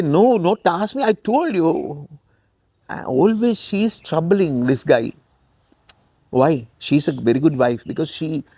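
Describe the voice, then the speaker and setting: A man's voice: mid-range voice, creaky, a little mellow, no echo, clean studio sound. Sri Lankan man teaching English vocabulary. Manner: explains words with repetition, switching into acted dialogue. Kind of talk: spoken English lesson explaining a story.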